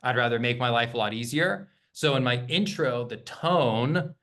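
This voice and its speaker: A man's voice: mid-range voice, normal speed, a bit bright. Man coaching agents with constant "okay?" check-ins. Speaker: real estate sales trainer. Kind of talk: workshop presentation to agents.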